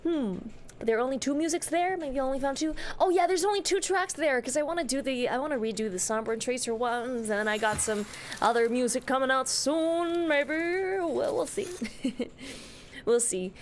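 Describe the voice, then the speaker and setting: A woman's voice: high voice, moderate pace, a little hiss or hum. Chatty woman streamer greeting her chat. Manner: playful, drops into silly voices. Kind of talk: casual live-stream chat.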